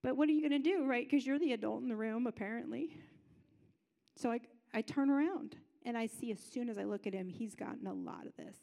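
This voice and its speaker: A woman with a somewhat high voice shares a personal story from the front of a church. She talks casually, like chatting with friends. She slips into the voices of the people in the story as she goes. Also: a little fast, creaky, mellow, in a large hall. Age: adult parent. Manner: conversational storytelling that acts out other people's lines. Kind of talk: personal story within a sermon.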